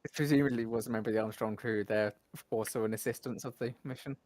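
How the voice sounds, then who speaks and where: Mid-pitched speaker with thoughtful remarks. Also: steady tone, quick pace, a little mellow, no echo. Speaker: watch-along participant. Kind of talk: casual chat. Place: home, over voice chat. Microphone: computer mic on a voice call.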